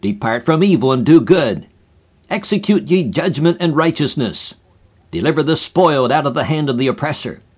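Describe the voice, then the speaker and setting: A man's voice: fairly high pitch, expressive, slightly rough. A man reading as a solemn mysterious stranger. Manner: archaic biblical phrasing, grave and measured. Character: solemn mysterious male stranger speaking scripture.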